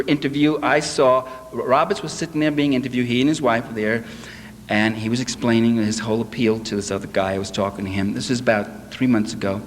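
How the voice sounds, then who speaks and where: A man giving a live political lecture to an audience, sarcastic and animated, mocking the people he quotes. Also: medium pitch. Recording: echoey hall, faint hiss.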